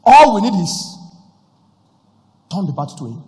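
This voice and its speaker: Male pastor, high animated voice, swings from hushed story to shouting, long church hall reverb. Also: measured pace. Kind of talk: sermon with personal story.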